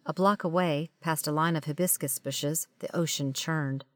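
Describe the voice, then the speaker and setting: A woman's voice: low voice, fairly even intonation, normal speed, dry recording, studio quality. A woman reading a first-person audiobook in a wry, conversational storytelling manner. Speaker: audiobook narrator.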